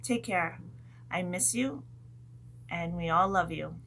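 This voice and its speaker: A woman teacher telling a story to young children in a gentle, animated way, adding sound effects as she goes. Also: on the low side, slow pace, gravelly, a little hiss or hum.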